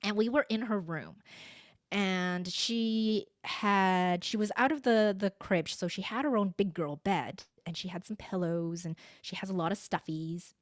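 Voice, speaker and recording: A woman's voice: mid-range voice, measured pace, no room sound, studio quality. A woman in her forties, a voice coach and podcast guest, telling a story in conversation and acting out the lines she quotes. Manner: animated, acts out quoted lines.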